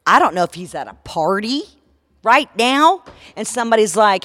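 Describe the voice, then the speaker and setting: A woman in her forties, a podcast co-host telling a story in casual chat, swearing freely and animated. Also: medium pitch, moderate pace, dry recording, clean studio sound.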